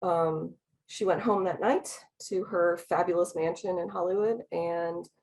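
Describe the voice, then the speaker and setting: A woman lecturing to a room about pictures on slides. Her voice sits a little low, and she talks fast, stopping and restarting her sentences with frequent ums. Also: fairly even intonation, darkish tone, a little hiss or hum, poor audio. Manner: hesitant, many ums and restarts; speaks fast. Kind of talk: academic talk with slides.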